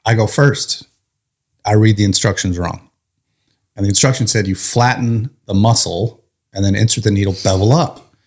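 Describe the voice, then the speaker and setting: Guesting on an interview, a firefighter recounts a story in a lively way, chuckling at the funny parts and dropping casual swear words. He has a fairly low male voice and keeps a moderate pace.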